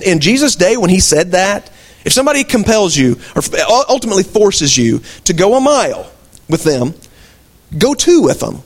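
A man preaching a sermon as pastor of his church, folksy asides and rhetorical questions to the congregation. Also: high-pitched. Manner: conversational preaching, rhetorical questions, emphatic swings.

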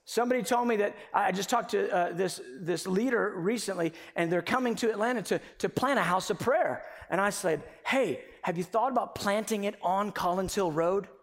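A man preaching a sermon with passion, moving from quiet, conversational stretches to sudden shouted emphasis. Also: sits high, moderate pace, hardly any pauses. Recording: long reverb of a large hall.

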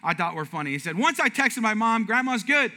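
A pastor delivers a light, joking sermon to his congregation. His voice sits high for a man and sounds very bright and sharp. He grows animated and leaps up in pitch when he acts out his stories. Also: fairly quick. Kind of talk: humorous sermon storytelling.

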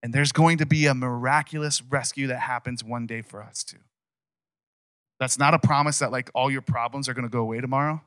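Male pastor, casual sermon, emphatic and conversational; crisp bright tone, dry close sound. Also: mid-range voice, steady tone, a little fast, no echo.

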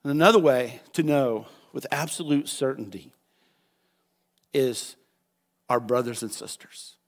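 A male pastor preaching a sermon in a church, animated and acting out voices, at times rising to a shout. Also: mid-range voice, unhurried. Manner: animated, acts out quoted voices, rises to shouts.

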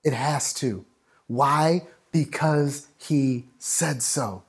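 A man preaching a sermon, building up and dropping to a hush, acting out voices in the story. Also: mid-range voice, very slow, slightly rough. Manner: dynamic preaching, swings from loud to hushed. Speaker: pastor.

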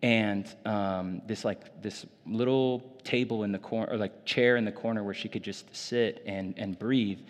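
A man's voice: lowish voice, steady tone, a little slow, hardly any pauses, big-room sound. A man preaching a sermon in a loose, conversational way, full of casual fillers, in a church. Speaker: pastor.

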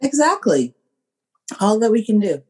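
A woman's voice: mid-range voice, big pitch swings, a little slow, darkish tone, slightly rough. A woman co-hosting a podcast in casual chat, rambling and tipsy, playful and loose. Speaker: podcast co-host.

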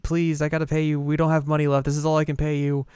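A woman's voice: low voice, level tone, fast talker, a little mellow, clean tone, dry recording, studio quality, voice pushed up, close to an everyday voice. A man voicing a worried teenage girl who is student council president, pleading in a flustered way.

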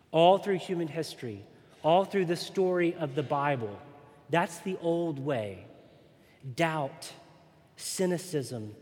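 A man's voice: a little high, darkish tone. A man preaching a sermon as pastor, earnest and emphatic. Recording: long reverb in a large hall.

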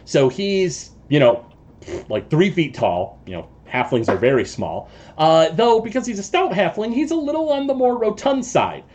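A man narrating as game master of a tabletop game, halting and full of filler sounds. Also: mid-range voice, a little mellow.

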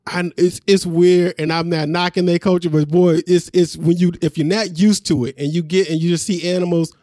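Man, podcast co-host, fairly high voice with a mellow, warm tone, close dry mic, relaxed chat. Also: a little fast, no echo. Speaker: podcast co-host recapping a reality show. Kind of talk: casual chat.

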